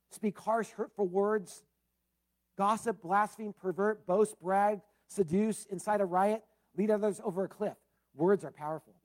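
Plain-spoken male preacher teaching scripture. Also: sits high. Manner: relaxed, plain-spoken, with frequent asides. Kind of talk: conversational Bible-teaching sermon.

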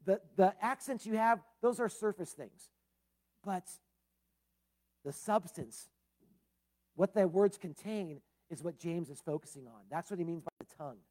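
A middle-aged man preaching a conversational Bible-teaching sermon in a relaxed, plain-spoken way, with frequent asides to his listeners. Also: sits high, a little slow, pauses often.

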